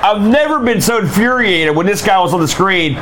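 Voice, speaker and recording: A man's voice: high-pitched, lively intonation, a little fast, a bit bright, a little hiss or hum. A man co-hosting a casual retro game review show, rambling and ranting with exasperation. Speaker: co-host reviewing retro games. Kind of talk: casual chat.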